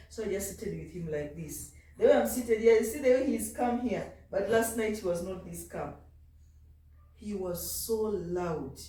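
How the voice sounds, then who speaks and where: A tired-sounding mother chats casually in a home vlog, breaking off now and then to talk to her baby. Her mid-range voice is mellow, and the distant mic in an echoey room picks up slight background noise.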